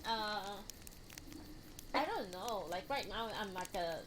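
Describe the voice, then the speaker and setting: A woman's voice: medium pitch, animated, takes it slowly, a bit bright. Giggly young woman chatting with viewers. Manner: giggly, chatty, talks back to chat. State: teary after crying. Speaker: live streamer reading books to chat. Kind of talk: casual chat between readings.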